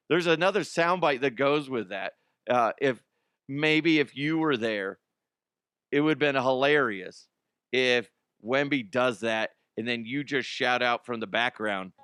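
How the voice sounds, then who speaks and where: A man's voice: medium pitch, a bit bright, dry recording, studio quality. A man hosting a casual sports talk show, ranting with profanity and sarcasm and laughing at his own jokes. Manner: mocking impressions of fans and players.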